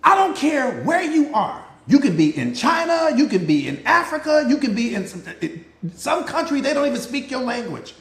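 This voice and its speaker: A man's voice: very high-pitched, sing-song, moderate pace, a bit bright. Emphatic preachy man coaching in an echoey room. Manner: emphatic and preachy, repeats lines for effect; playful banter with audience members by name. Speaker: mindset coach. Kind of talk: live motivational talk.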